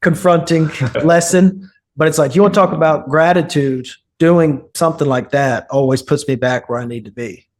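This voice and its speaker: A man's voice: a little high, normal speed. A man guest on a podcast, a divinity student, telling stories in an earnest way and acting out what people said. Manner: earnest, acts out quoted speech. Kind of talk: casual storytelling interview.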